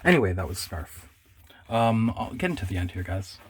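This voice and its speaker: A man chatting casually about his comic pickups, rambling and trailing off softly. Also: low voice, sing-song, moderate pace, slightly rough. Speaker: comic collector vlogger. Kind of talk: casual chat reading comics aloud.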